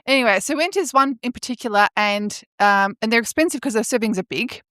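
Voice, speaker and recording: Animated Australian woman storyteller. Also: a little high, fast, dry recording, studio quality. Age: 40s. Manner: animated storytelling, acts out voices. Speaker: podcast co-host. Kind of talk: casual chat.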